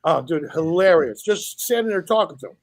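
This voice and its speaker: A middle-aged man, a guest comedian, telling quick stories in casual podcast chat and acting out voices. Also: a little high, expressive, no room sound. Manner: rapid storytelling, acts out voices in anecdotes.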